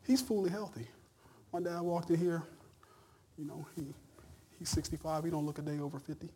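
A middle-aged male pastor preaching a sermon in a conversational, folksy way, stammering and then rising to loud shouted peaks. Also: on the high side, fairly quick, a little hiss or hum.

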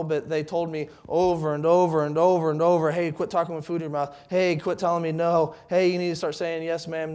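A middle-aged man preaching a sermon in a church, speaking conversationally and haltingly, with many fillers and restarts. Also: on the high side, a little mellow, clean tone. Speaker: pastor.

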